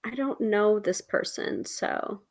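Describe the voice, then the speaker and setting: A woman's voice: medium pitch, slow pace, darkish tone. A woman hosting a livestream, talking in a chatty, rambling way that often interrupts itself. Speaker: host. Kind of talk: casual livestream chat.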